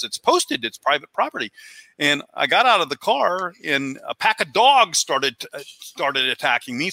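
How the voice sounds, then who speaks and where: Bright-voiced male podcast host. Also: fairly high pitch, no room sound. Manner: storytelling, animated when acting out others. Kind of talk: casual interview chat.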